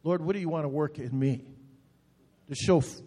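High-voiced pastor man preaching. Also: normal speed, warm tone, breathy edge. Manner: earnest, direct appeals with repeated short phrases. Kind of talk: sermon. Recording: long reverb.

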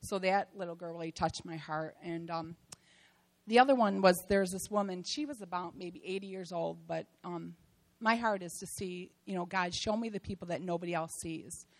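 Creaky-voiced woman giving a church testimony. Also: lowish voice, moderate pace, low-quality recording. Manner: heartfelt, rambling with many fillers and restarts. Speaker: church member giving a mission trip testimony.

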